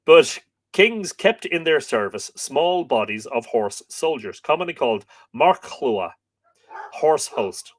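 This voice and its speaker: A middle-aged Irish man reads from a history book on a live stream at a slow, careful pace. He breaks off now and then to spell out a word or answer his chat. His voice sits at an ordinary middle pitch. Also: very animated. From Ireland. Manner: reads slowly, stops to chat with viewers and spell out words.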